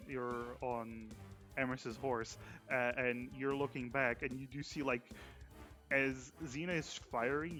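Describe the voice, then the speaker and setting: A man's voice: medium pitch, a bit bright. Male game master, mid voice, casual narration full of fillers. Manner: casual, descriptive, with frequent fillers.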